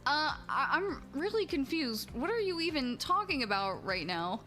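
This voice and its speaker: A woman's voice: high voice, very animated, moderate pace, bright, forceful tone, faint music behind, heavily acted. A woman reading the lines of an uneasy young woman, hesitant and awkward.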